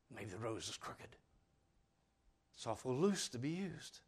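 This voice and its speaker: A man preaching a sermon in a folksy, earnest way, swinging from loud stressed words to quiet asides. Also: mid-range voice, very animated, a little slow, pauses often, husky. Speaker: father.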